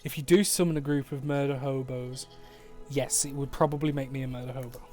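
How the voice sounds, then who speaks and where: A man's voice: medium pitch, fairly even intonation, a little fast, a little mellow, faint music behind. A man with a West Midlands English accent, narrating a tabletop game as game master in a laid-back, swearing, rambling way from home. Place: home, online session.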